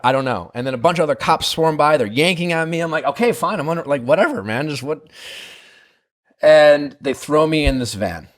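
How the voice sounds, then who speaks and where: A man hosting a podcast, casually telling a long personal story, full of fillers and tag questions. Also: medium pitch. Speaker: podcast host.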